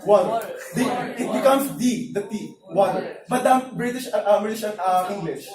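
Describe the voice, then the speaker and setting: Filipino-accented young man, fairly high pitched, halting class presentation, recorded from across the room. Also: crowd noise. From Philippines. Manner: hesitant, many fillers, quizzing the audience. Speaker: student presenter. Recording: roomy classroom, mic far off.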